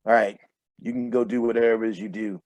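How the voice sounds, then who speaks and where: Gruff middle-aged animal-trainer father, brisk and commanding, low voice, read by a man. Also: fairly even intonation, a little mellow, no echo, lightly acted. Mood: brusque.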